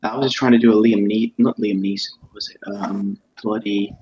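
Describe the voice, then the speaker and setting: A man's voice: on the low side, steady tone, moderate pace, a little mellow, slightly rough, dull audio. A man chatting casually on a stream, rambling with many restarts as he tells stories. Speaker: podcast co-host. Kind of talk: casual chat.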